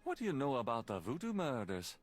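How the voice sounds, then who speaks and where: A man's voice: mid-range voice, wildly swooping pitch, fairly quick, soft background music. An actor playing an investigator in a mystery game, posing as a priest while he asks pointed questions. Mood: probing. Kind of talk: voiced game dialogue.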